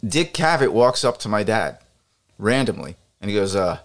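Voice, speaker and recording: Lively-pitched man telling a story. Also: fairly quick. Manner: animated, laughs often, trails off into asides. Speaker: podcast co-host. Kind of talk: casual chat, storytelling.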